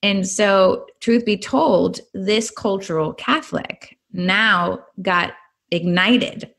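A middle-aged woman from California, a guest on a podcast interview, telling her personal testimony in an earnest, animated way. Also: medium pitch, slow, gravelly.

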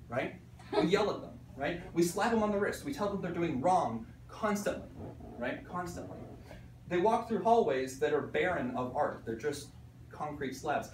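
An art teacher from Pittsburgh with a fairly high male voice gives a conference talk to teachers in a conference room, telling classroom stories at a moderate pace. He's an animated storyteller who acts out the voices of students and parents and keeps asking "right?" The recording is echoey and taken from a distance, with faint room noise.

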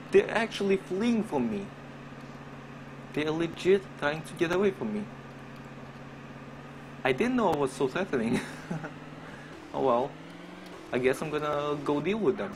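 A man streaming a role-play game, commenting excitedly, swearing and laughing as he plays at his computer. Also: fairly high pitch, background noise.

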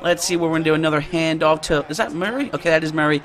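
A young man giving excited, slangy commentary over his own football video game, often shouting and laughing at big plays. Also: a little high, very fast. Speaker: gaming YouTuber. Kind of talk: excited live gameplay commentary.

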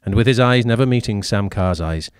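A man acting as storyteller, reading a short story aloud at an even, measured pace. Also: on the low side, smooth, no room sound, studio quality.

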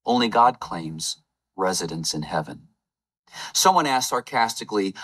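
A man preaching a Palm Sunday sermon, retelling scripture as a lively story with playful game-show asides. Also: fairly low pitch, normal speed, breathy edge. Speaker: lay preacher.

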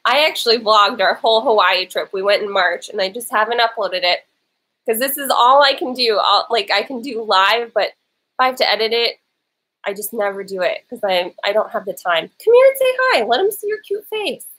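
A woman's voice: medium pitch, brisk, sharp tone, low-quality recording. A woman vlogger with a lingering cough chatting casually during a live Q&A, sitting on her bed and talking into an old laptop's built-in mic. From lives in Los Angeles. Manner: chatty, interrupted by her small son. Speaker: vlogger answering viewer questions live.

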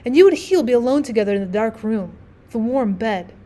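Woman reading a hushed, secret inner voice. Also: fairly high pitch, expressive, fairly quick, natural voice. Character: blind, smiling inner voice whispering.

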